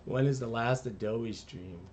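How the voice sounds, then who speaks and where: A man's voice: mid-range voice, a little slow, darkish tone. A man, an animator, chatting casually on a live stream while he works, rambling and talking to himself. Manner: rambling, self-talk while working.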